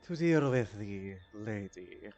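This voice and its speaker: A man's voice: on the low side, expressive, slow pace, a little mellow, muffled recording, faint music behind. A man voicing a formal, ominous informant who speaks in grave, old-fashioned phrases.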